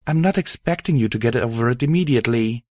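A man reading aloud and voicing a gentle, loving female pony who speaks softly and reassuringly. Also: medium pitch, lively intonation, fast, no echo, studio quality, pitched above the performer's own voice, lightly acted. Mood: tender. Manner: soft, reassuring.

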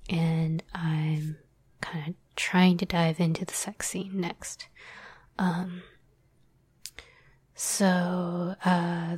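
Lady whispering slow and breathy, lots of ums, kinda low voice, dead dry close sound. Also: darkish tone, no echo. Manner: hesitant, many ums, self-deprecating. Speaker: podcast host and script writer. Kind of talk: whispered chat.

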